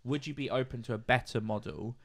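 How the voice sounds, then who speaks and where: A man's voice: medium pitch, fairly quick, vocal fry. Wry chatty guy. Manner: chatty, wry anecdotes with quoted voices. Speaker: podcast co-host. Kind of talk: casual chat.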